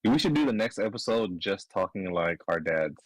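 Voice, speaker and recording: A man's voice: on the low side, animated, normal speed, poor audio. A man in his thirties, a father of four, co-hosting a casual livestream with a joking, teasing, blunt manner. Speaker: co-host.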